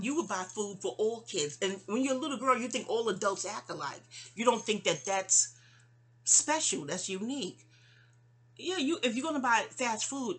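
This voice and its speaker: Woman, from New York, husky breathy voice, rambling digressive monologue to her mother, frequent restarts, soft near-whisper drops. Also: a little high. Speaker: vlogger.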